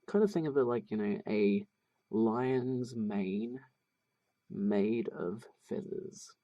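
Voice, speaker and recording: Gravelly low-voiced man thinking aloud. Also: lively intonation, slow pace, mellow, dull audio. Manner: thinking aloud, hesitant with many fillers. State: has the hiccups. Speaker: drawing tutorial host. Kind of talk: casual drawing tutorial voice-over.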